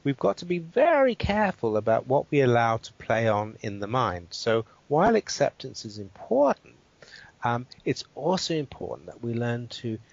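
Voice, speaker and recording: A man who is a guest expert, calmly walking through a guided exercise and checking in with the listener as he explains. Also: medium pitch, creaky. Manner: measured and explanatory, checks in with "right?". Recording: dull, dry interview audio.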